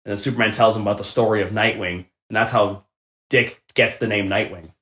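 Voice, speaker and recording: Excitable young man in a roomy room. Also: on the low side, fairly quick, crowd noise. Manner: excited, animated storytelling with laughs. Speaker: podcast co-host. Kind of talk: casual chat. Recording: roomy echo.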